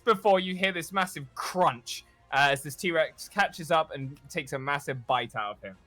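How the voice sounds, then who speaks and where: A man's voice: a little high, normal speed, hardly any pauses. A young man narrating as dungeon master, filling the scenes with ums and uhs. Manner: many ums and uhs, lively scene-setting. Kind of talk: tabletop game narration.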